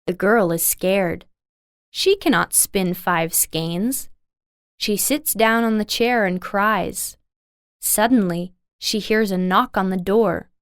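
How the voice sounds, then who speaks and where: A woman's voice: medium pitch, slow pace, no echo, studio quality. A woman narrating a folk tale in a simple, carefully paced storybook reading. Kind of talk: slow scripted storybook narration.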